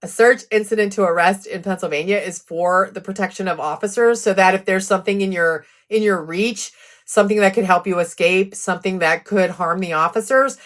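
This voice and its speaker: A woman's voice: mid-range voice, brisk. Woman, true crime streamer, mid-range voice, casual conversational delivery, reads comments aloud, sarcastic asides.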